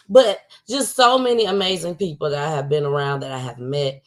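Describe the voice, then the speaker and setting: A woman hosting her own livestream in a loose, chatty style, her voice sitting a little low. She is emotional and close to tears, yet breaks into laughter often and speaks from the heart. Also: a little fast, few pauses. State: tearful. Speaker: livestream show host. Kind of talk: casual livestream chat.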